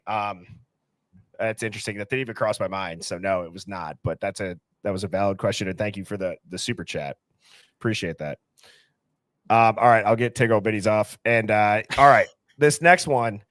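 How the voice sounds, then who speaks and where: A man's voice: on the low side, moderate pace, fairly bright tone, dry recording, clean studio sound. A man hosting a podcast in a casual, conversational way. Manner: conversational, says he plays clips for the audience. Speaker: podcast host.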